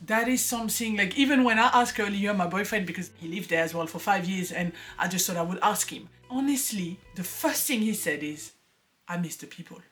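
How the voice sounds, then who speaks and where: Chatty woman vlogger, soft music behind. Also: medium pitch, animated, a little fast, few pauses. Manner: chatty, earnest, with frequent laughs and fillers. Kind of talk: casual personal vlog talk.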